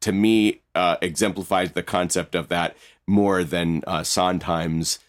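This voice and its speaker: A man co-hosting a casual talk about music, speaking thoughtfully with fillers and soft laughs. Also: deep voice, steady tone, unhurried. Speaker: podcast co-host. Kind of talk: casual chat.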